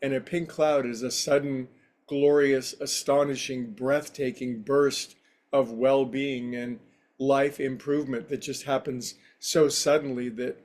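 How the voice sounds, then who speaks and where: A man's voice: medium pitch, little pitch movement, measured pace, darkish tone. A man who teaches yoga and meditation, giving a casual spiritual talk in a rambling, anecdotal, conversational way.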